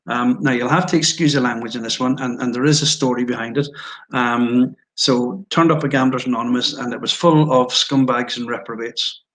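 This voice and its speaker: A man's voice: medium pitch, fairly even intonation, brisk, a bit bright, low-quality recording. Scottish male guest, mid-range voice, candid and self-mocking storyteller. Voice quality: frank, self-deprecating, anecdotal. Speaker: interview guest.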